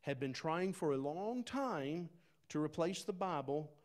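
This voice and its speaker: A man preaching a sermon in a folksy, conversational way, talking straight to the congregation, dropping to quiet asides and rising to loud, emphatic bursts. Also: on the high side, lively intonation, a little slow. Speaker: pastor.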